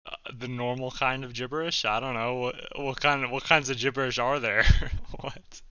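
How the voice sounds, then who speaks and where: A young man giving jokey, excitable commentary while chatting with a chatbot, with sudden loud outbursts. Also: mid-range voice, fairly quick, clear, resonant tone, no echo, lo-fi sound. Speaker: comedy YouTuber. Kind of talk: casual reaction commentary.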